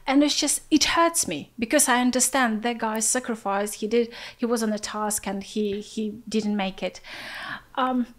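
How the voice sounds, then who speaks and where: A Ukrainian-accented woman speaks as a guest in a studio podcast, with a fairly high voice. She tells stories with animation and acts out the people she quotes, stopping and restarting as she searches for words. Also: normal speed. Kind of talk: casual podcast interview.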